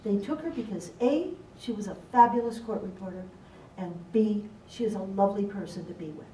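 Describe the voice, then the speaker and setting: Lively woman teaching a seminar, echoey room. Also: mid-range voice, brisk, far from the mic, slight background noise. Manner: lively, playful, acts out quoted people. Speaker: seminar presenter for court reporters. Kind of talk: live seminar talk.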